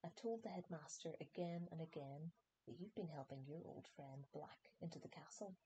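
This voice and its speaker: A woman's voice: sits low, normal speed, mellow, slight background noise, natural voice, low-quality recording. A woman voicing a cold, vengeful male potions professor in an audiobook reading, sneering and menacing.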